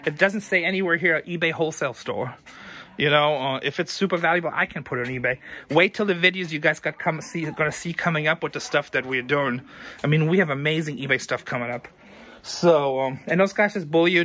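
Tired, chatty man giving bright frank advice. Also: a little high. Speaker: thrift store owner and vlogger. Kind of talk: casual talk to camera.

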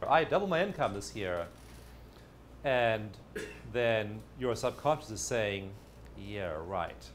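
A therapy method teacher gives a casual, jokey explanatory video talk, acting out inner voices along the way. His medium-pitched voice is animated, with a slow pace and frequent pauses. A little hiss or hum can be heard.

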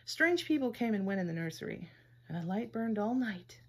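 A woman gently reading a children's story aloud in a measured way. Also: mid-range voice, very animated.

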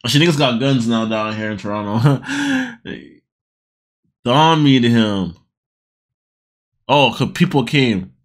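A woman hosting a casual reaction video. She is excitable and loud, repeats phrases over and over, and swears freely. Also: very deep voice, slow pace, pauses often.

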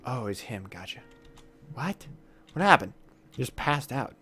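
A man's voice: mid-range voice, very animated, measured pace, sharp tone, soft background music. A man commentating a horror game as he plays, jumpy and exclaiming with minced oaths, reading the dialogue aloud. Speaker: gaming YouTuber. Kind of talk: let's play commentary.

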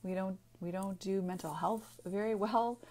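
Woman, naturopathic doctor and author, unscripted personal video; earnest, halting delivery, lots of restarts and fillers, mid pitch. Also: fairly even intonation, a little mellow. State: getting emotional.

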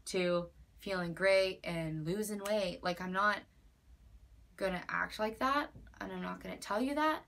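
A woman's voice: medium pitch, a little slow, creaky, a bit bright, slight background noise. Earnest young woman vlogging from the heart. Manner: earnest, emphatic, with many likes and repeated phrases. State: near tears at times. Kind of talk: personal heartfelt vlog.

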